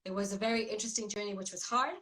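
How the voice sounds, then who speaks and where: A woman rapper being interviewed over a video call, upbeat and chatty, quick to laugh, in her groggy morning voice. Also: mid-range voice, steady tone, fairly bright tone, low-quality recording. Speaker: rapper guest.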